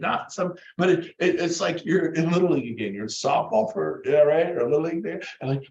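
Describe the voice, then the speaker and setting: A middle-aged man gives a motivational talk to real estate agents and acts out what people say to themselves. His voice sits a little high. The sound is roomy and somewhat muffled, like a lo-fi recording made in a meeting room. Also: moderate pace. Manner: animated, acts out quotes in different voices. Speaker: motivational speaker.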